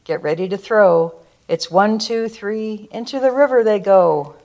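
A woman putting on a high, excited little girl. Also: measured pace, close to an everyday voice. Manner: high, bright, eager. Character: excited young girl at a stick race.

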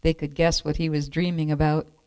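A woman reading a children's picture book aloud in a clear, measured storytelling manner. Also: sits low, level tone, dark tone, no room sound.

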